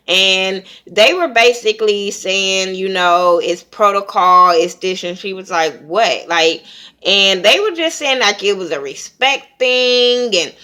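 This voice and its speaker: Woman reviewer, bright and sharp tone, blunt profane animated recap. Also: mid-range voice. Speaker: TV episode reviewer.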